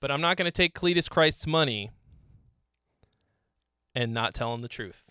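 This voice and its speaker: A man's voice: medium pitch, expressive, normal speed, sharp tone, smooth, no echo, studio quality. A man hosting a live stream song critique, joking, teasing and swearing as he gives feedback. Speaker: host, songwriting critic.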